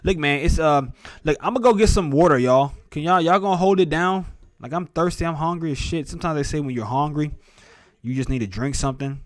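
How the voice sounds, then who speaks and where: A man's voice: on the high side, a little fast, no room sound. A man in his thirties hosting a sports live stream, talking to viewers in a rambling, joking, profane way. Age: 30s. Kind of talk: casual live-stream chat.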